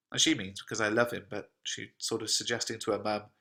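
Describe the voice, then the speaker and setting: Guy teaching, bright tone, chatty explaining with ums. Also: on the low side, fairly quick. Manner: plain modern paraphrase, conversational, fillers. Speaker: English teacher. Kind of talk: lesson explaining a play line by line.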